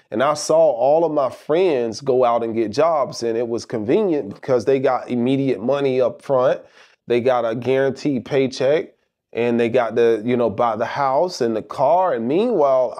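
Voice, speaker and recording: A middle-aged man speaks in an emphatic, rhetorical way, driving home his points with repeated phrases. His voice is dark and mellow, sitting at an ordinary middle pitch. He talks like a motivational speaker addressing his viewers directly. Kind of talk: motivational monologue.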